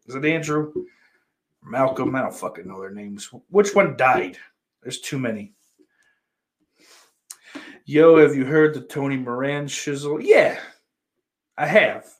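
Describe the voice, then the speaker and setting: Man, livestream host, casual chat with viewers, crude, swears constantly, rambling, mid-pitched voice. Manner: crude and profane, talks to chat; rambling, with sudden loud greetings.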